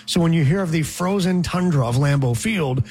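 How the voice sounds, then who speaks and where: Husky man ranting sardonically. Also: fairly high pitch, normal speed, a little mellow. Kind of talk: casual sports talk.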